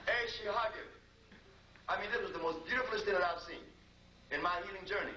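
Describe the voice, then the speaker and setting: A man's voice: high voice, fast talker, long pauses. A man giving a talk to a live audience, telling a personal story in a conversational, repetitive way. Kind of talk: anecdotal lecture storytelling. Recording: roomy, distant, noisy live recording.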